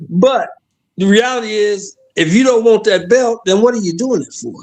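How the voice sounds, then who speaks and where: A man's voice: high voice, normal speed, a little mellow. Plainspoken older man guest. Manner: plainspoken, easygoing. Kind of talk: casual boxing talk show.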